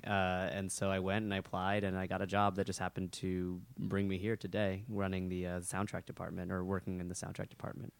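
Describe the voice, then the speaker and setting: A man's voice: low voice, little pitch movement, a little fast, gravelly, clear, resonant tone, dry recording. A man from New York, a guest in a studio, talking about his job in a hesitant, unpolished way. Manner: hesitant, lots of fillers and restarts. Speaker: guest, soundtrack department worker. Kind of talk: casual interview talk.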